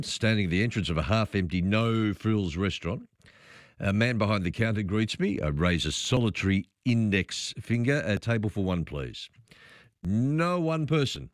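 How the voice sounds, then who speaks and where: Lively low-voiced Australian radio host. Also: male voice, no room sound, clean studio sound. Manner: relaxed, chatty, takes calls. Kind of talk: late-night talkback radio. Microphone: studio microphone.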